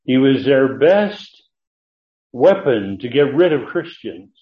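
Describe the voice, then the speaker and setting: A man teaching a verse-by-verse Bible study lecture, talking in a halting way with frequent fillers and restarts. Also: mid-range voice, sing-song. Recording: tinny phone-like audio.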